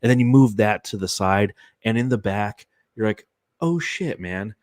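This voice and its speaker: A man's voice: fairly low pitch, steady tone, moderate pace, darkish tone, no echo, clean studio sound. A man co-hosting a casual sports podcast, rambling through jokey comparisons and swearing freely. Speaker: podcast co-host.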